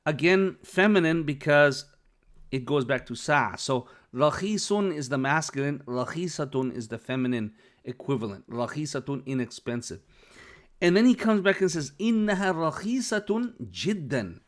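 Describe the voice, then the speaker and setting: A man's voice: medium pitch, animated, moderate pace. A man teaching Arabic, reading phrases from a dialogue aloud, translating them and explaining the grammar, often checking in with "okay?".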